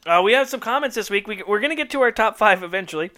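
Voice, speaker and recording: A man co-hosting a podcast in casual chat, excitable and rambling, laughing often. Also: high-pitched, quick pace. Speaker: podcast co-host.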